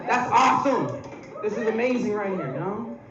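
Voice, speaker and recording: A man's voice: high voice, big pitch swings, normal speed, very noisy. A young man from Atlanta, doing a crude live stand-up set and teasing the crowd in a packed club. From Atlanta, Georgia. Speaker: stand-up comedian. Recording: roomy, dull live club audio from far off.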